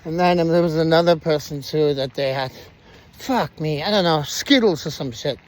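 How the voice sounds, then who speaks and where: A man telling his own story in a casual, animated way, swearing freely and using slang. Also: on the high side, normal speed, slight background noise.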